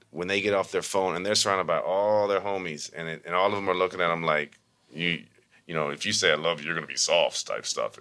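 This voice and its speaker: Brief: quick, low-pitched man, bright tone, lively storyteller who mimics others. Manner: animated, acts out quoted voices in high pitch. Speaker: community meditation teacher. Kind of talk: casual storytelling interview.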